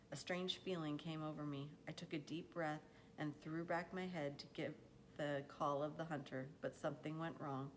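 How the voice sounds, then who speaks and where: Woman audiobook reader; deep-set voice, measured, expressive delivery. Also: slight background noise. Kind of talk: audiobook narration.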